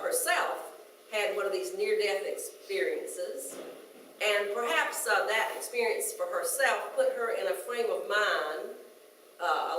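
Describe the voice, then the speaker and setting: A woman's voice: medium pitch, a little hiss or hum. Reflective woman preaching in an echoey sanctuary. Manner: conversational, reflective, with hesitant restarts. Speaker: minister. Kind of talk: sermon. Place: church sanctuary. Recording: very echoey room, mic at a distance.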